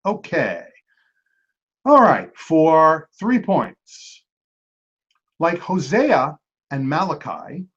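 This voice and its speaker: Male quiz host, fairly high and very animated, reads each clue twice with slow emphasis, tosses off quick jokes; dull lo-fi sound. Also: slightly rough. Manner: repeats each clue slowly, with quick joking asides. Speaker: trivia quizmaster. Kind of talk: hosting a trivia match, reading clues. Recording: dull lo-fi recording.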